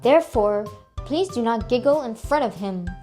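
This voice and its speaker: A woman's voice: a little high, animated, moderate pace, dark tone, faint music behind, close to an everyday voice. A woman voicing a pompous, overly formal male restaurant manager in a children's storybook.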